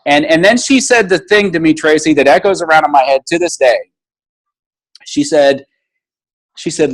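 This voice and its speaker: A man telling his personal story as an interview guest, earnest and animated, with restarts and acted-out dialogue. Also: fairly high pitch, a little fast, rough recording. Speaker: guest, motivational speaker.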